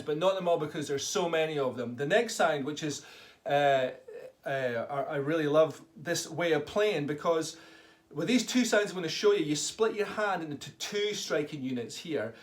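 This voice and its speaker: A man's voice: on the high side, expressive, brisk. A man teaching a tabla lesson to children, enthusiastically calling out drum syllables for them to repeat. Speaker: tabla tutor. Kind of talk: online music lesson for children.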